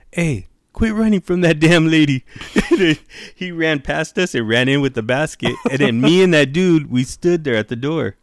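A man's voice: mid-range voice, dry recording, studio quality. A man telling a story in casual chat, swearing constantly and laughing as he goes. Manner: profane, laughing anecdote teller.

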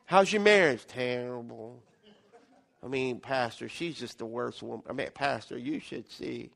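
A man acting out a gloomy, self-pitying man who talks in a low, slow drone. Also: gravelly, fairly bright tone. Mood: glum.

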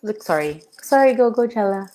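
Lively woman in panel chat. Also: medium pitch, brisk. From Philippines. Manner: animated, quotes others in lively voices. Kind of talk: casual panel discussion.

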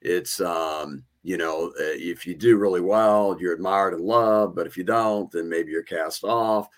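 Deep-voiced earnest podcast host. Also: male voice, measured pace. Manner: earnest, storytelling. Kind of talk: casual conversation.

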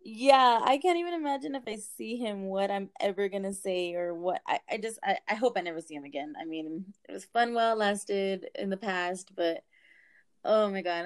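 A young woman casually telling a story, animated, swearing and laughing as she goes. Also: mid-range voice, normal speed.

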